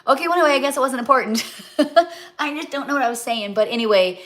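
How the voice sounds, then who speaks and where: A woman's voice: high-pitched, quick pace, a bit bright. A middle-aged woman chatting casually on a livestream as a home cook, rambling and often losing her train of thought, heartfelt and talking straight to her viewers. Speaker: home cook and cookbook author hosting a livestream.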